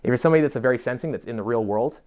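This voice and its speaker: Young guy ranting dating advice at the camera, talks super fast, swears a lot, lots of energy. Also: medium pitch, darkish tone, clear, resonant tone. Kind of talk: casual to-camera advice rant.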